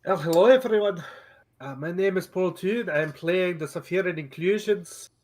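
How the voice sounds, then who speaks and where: A man's voice: sits high, moderate pace, a little mellow. A man introducing himself as a player in a tabletop game, chatty and easygoing. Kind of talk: casual chat.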